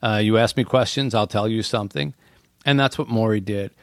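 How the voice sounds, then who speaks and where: A man's voice: fairly low pitch, fairly quick, no echo, studio quality. A man talking earnestly and thoughtfully in an interview, repeating phrases for emphasis. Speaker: guest. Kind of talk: reflective conversation.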